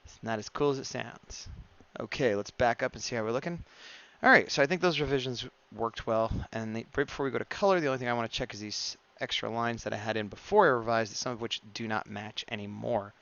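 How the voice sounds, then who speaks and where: A man chats casually on a drawing stream, muttering as he works and reading viewers' chat aloud. He talks fast in a creaky, slightly bright voice of medium pitch, and the audio's high frequencies are cut off.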